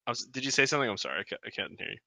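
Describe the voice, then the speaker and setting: A man's voice: medium pitch, animated, rapid-fire, gravelly, sharp tone, dry recording. A man running a tabletop game as game master, narrating loosely with many fillers. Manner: loose and rambling, many ums and uhs.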